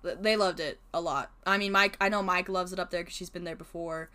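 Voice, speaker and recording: A woman's voice: lowish voice, fairly even intonation, brisk, bright, forceful tone, clean tone. A young adult woman co-hosting a podcast, telling a chatty story with lots of laughs and swearing. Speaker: podcast co-host. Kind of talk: casual chat.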